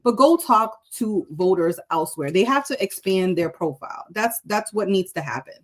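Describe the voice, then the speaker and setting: A woman co-hosting a casual political chat, giving her opinions in an earnest, fast-flowing way. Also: mid-range voice, animated. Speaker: co-host.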